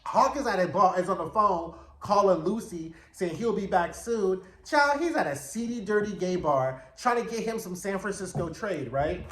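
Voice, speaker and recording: A man's voice: high-pitched, lively intonation, moderate pace, few pauses, a bit bright, roomy sound, a little hiss or hum. A man giving a sassy, slangy, chatty recap of a TV episode, slipping into quoted voices as he retells scenes. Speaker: TV recap reviewer. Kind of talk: casual recap and commentary.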